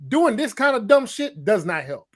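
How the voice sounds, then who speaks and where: A man's voice: extremely high pitch, very animated, moderate pace, crowd noise. A man co-hosting a casual discussion podcast, talking emphatically, repeating himself and acting out quotes. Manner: emphatic, repetitive, acts out quotes. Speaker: podcast co-host.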